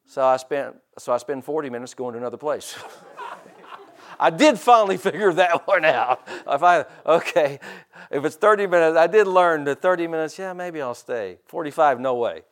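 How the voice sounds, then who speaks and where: Middle-aged preacher guy, lively up-and-down voice, kinda high, drags out the big lines. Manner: animated preaching, drawn-out emphatic scripture quotes, asides to the congregation. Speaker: pastor. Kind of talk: sermon.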